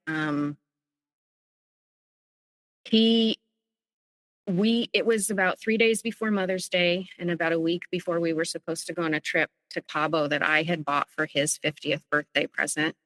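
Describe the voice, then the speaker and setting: Low-voiced woman telling her own story. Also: a bit bright, no room sound, in a large hall, rough recording. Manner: earnest and halting, often restarting sentences. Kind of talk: personal storytelling.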